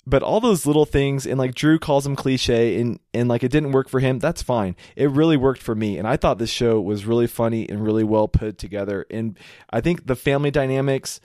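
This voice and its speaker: Man, podcast co-host, casual chat, relaxed, stumbles over repeated words, dry close mic. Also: medium pitch, fairly quick, no room sound. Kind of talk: casual chat reviewing a TV show.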